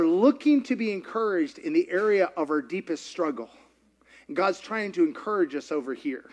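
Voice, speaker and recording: A man preaching a sermon, telling a story in an animated, chatty way and laughing often. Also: sits high, moderate pace. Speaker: pastor.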